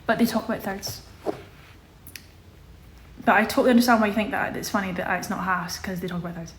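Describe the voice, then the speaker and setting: A woman's voice: medium pitch, brisk, a little hiss or hum. A young woman chatting casually on a live stream, reading out viewer questions and answering them. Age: young adult. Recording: echoey room with faint ambience.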